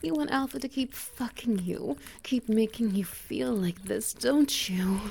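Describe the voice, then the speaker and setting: Woman for a whispered role-play: slow, gravelly, dominant and teasing, faint hiss behind. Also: a little high. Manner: dominant, teasing, slow and breathy with soft laughs. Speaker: audio role-play performer.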